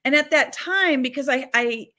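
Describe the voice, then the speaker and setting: A woman guest on a talk show, a psychic medium telling stories in a chatty, animated way full of fillers. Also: high voice, moderate pace. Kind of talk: casual storytelling conversation.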